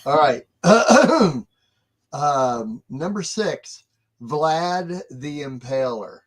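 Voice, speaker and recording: A man's voice: fairly high pitch, expressive, extremely slow. A middle-aged man co-hosting a casual game chat, laughing often and hesitating with fillers. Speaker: co-host.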